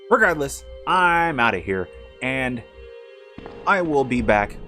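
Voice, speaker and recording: A man with a medium-pitched, fairly bright voice streams a video game. He chats casually as he plays, tossing in rambling, jokey asides.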